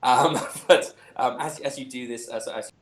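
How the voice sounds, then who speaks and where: A man's voice: mid-range voice, unhurried, reverberant, a little hiss or hum, low-quality recording. A man running a tabletop game, describing the scene in a rambling, chuckling way. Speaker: game master.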